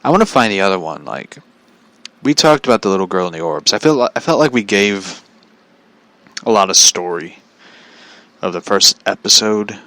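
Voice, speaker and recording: A man hosting a podcast in a casual chat, rambling and halting, with many "like" fillers and chuckles. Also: lowish voice, expressive, sharp tone, no echo. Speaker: podcast host.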